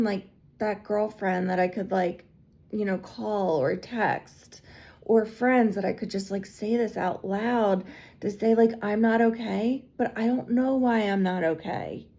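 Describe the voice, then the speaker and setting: A woman with a low, gravelly edge to her voice tells a personal story. She sounds earnest and chatty and leans on "like" constantly, with a dark, mellow tone. It has the loose feel of a spiritual guide talking straight to her followers. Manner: chatty and earnest, heavy use of "like". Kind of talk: casual confessional storytelling.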